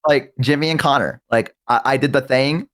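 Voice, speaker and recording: A young man in casual chat, telling excitable stories and acting out his friends in quick high voices. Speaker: guest. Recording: live stream.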